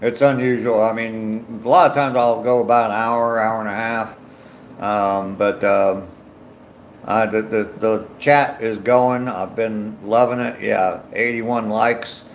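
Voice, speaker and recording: Walking outdoors, the older Ohio host of a daily live stream reads out viewers' names, greets them, and chats casually with frequent ums. His voice is on the low side, with fairly even intonation and a slow pace, against slight background noise.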